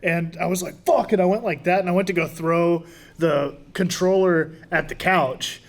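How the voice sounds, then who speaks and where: A man co-hosting a podcast, telling a profane story in animated, casual banter. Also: high voice, normal speed. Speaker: podcast co-host.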